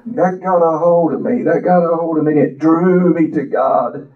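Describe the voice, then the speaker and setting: An older man preaching a sermon, reciting a poem and telling his own story with impassioned, drawn-out phrases. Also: fairly high pitch, steady tone. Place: church. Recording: echoey, distant, dull church audio.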